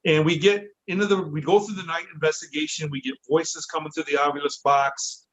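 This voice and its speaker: A man from Michigan, a podcast guest, telling a story in a casual, lively way, correcting himself as he goes. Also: a little high, a little fast, poor audio. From Michigan, USA. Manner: lively, self-correcting, acts out quotes.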